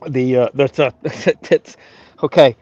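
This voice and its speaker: A man's voice: mid-range voice, fairly even intonation, a little slow, dark tone, no echo. A man from Tennessee chatting casually on a video call from an island beach, rambling with many fillers. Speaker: co-host. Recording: dull lo-fi call audio.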